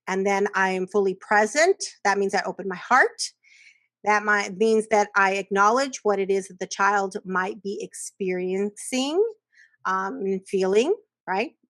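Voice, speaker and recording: A middle-aged woman educator giving a workshop talk on children's emotions, animated and acting out little voices with laughs. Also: medium pitch, no echo.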